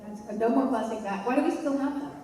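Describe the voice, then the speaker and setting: A woman's voice: on the high side, quick pace, dark tone, a little hiss or hum. A woman chatting casually as a convention panel guest, rambling and self-deprecating. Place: large convention hall. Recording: echoey hall from far off.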